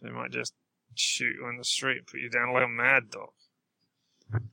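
A man's voice: mid-range voice, completely flat delivery, measured pace, vocal fry, pushed and bright, no echo. A man playing in a tabletop game, talking in an exasperated way with sighs. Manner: exasperated, lots of sighs and "jeez". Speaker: player.

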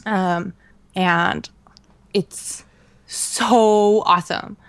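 A woman co-hosting a podcast, telling a travel story in a casual, animated way with many fillers and laughs. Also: mid-range voice, very slow, clean tone, no room sound. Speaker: podcast co-host. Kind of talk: casual chat.

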